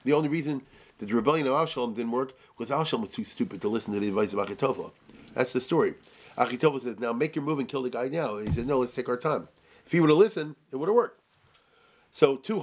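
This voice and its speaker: A man teaching an informal, joking Torah class, animated and often asking his listeners rhetorical questions. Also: medium pitch, fast.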